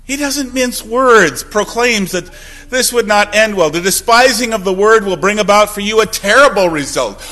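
A male pastor preaching a sermon, swinging between emphatic outbursts and quiet, low asides. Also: expressive, normal speed. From Wisconsin. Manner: emphatic preaching with sudden loud and soft swings.

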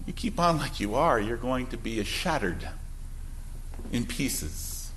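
A male pastor preaching a sermon, swinging between emphatic outbursts and quiet, low asides. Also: expressive, takes it slowly, slight background noise. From Wisconsin. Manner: emphatic preaching with sudden loud and soft swings.

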